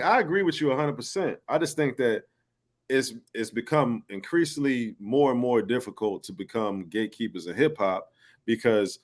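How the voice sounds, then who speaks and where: A man co-hosting a podcast, talking earnestly and analytically in casual chat. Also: lowish voice. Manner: earnest, analytical, building his point. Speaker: podcast co-host.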